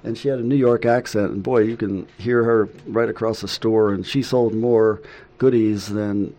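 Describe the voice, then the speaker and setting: Low-voiced halting man in faith talk. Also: fairly even intonation, warm tone. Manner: halting, with many ums and laughs. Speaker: co-host.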